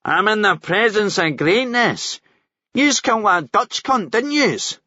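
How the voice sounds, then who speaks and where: A man's voice: high-pitched, very animated, a little slow, bright, forceful tone, dry recording, highs cut off, pitched above the performer's own voice, exaggerated voice. A man reading a novel aloud, voicing a cocky young male prisoner from Glasgow who talks in a mocking, swaggering, foul-mouthed way in a Glaswegian accent.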